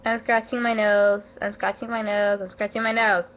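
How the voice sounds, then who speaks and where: A woman giving a casual, rambling anime episode review, emotional and excitable, full of fillers and restarts, her voice not at its best as she feels unwell. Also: medium pitch, normal speed, a little hiss or hum. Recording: dull lo-fi home recording.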